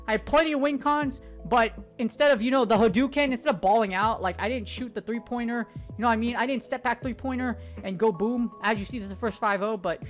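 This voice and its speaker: A woman giving casual gameplay commentary, excitable and joking, swearing casually as she talks through her matches. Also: on the high side, fast talker, hardly any pauses, soft background music. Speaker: gaming commentator.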